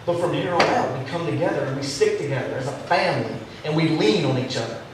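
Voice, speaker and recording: A fairly high-voiced man preaches in a church sanctuary with a storyteller's ease. His voice rings through a very echoey hall and sits some way off from the mic, with faint room noise underneath. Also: lively intonation, quick pace, far from the mic. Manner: storytelling preacher with a joking turn. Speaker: pastor. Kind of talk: sermon.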